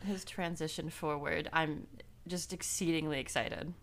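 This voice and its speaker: A woman's voice: low-pitched, fairly even intonation, unhurried. A young woman co-hosting a podcast, chatting casually with playful, overstated enthusiasm. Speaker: podcast co-host. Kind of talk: casual chat.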